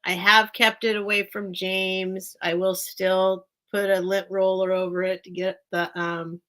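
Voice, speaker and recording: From a small room at home, a towel pushed under the door, a woman hosts a casual live-stream sale. Her voice is medium-pitched and fairly bright, delivered flatly and a little slowly, and she's talkative, easily distracted, and quick to laugh.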